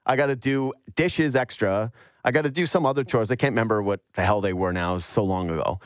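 A man from the Yukon, a sports radio host, telling a long personal story in an animated, storytelling way. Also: fairly low pitch, quick pace, no room sound, studio quality. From Yukon, Canada. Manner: animated storyteller, mocks whiny voices. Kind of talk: storytelling monologue.

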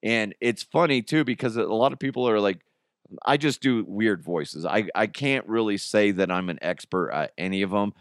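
A man's voice: lowish voice, moderate pace, dry recording, studio quality. A man hosting a podcast in casual, rambling chat, mocking himself and laughing often. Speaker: podcast host.

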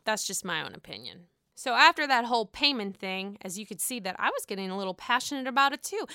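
A woman casually recapping a reality show, swearing freely and animated as she gives opinions. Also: clean tone, dry recording, studio quality. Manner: swears freely, animated, mimics the cast in shrill voices.

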